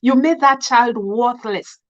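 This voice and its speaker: A Kenyan woman in her thirties delivers an emotional vlog rant, scolding and indignant, repeating herself and moving back and forth between English and Swahili. Her voice is a little high and she speaks slowly, though the audio sounds dull.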